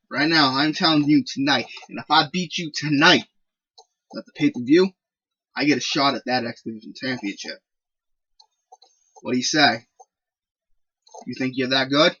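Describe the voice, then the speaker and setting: A man's voice: medium pitch, bright, forceful tone, husky, dull audio. A man voicing a cocky young male wrestler who brashly taunts a champion.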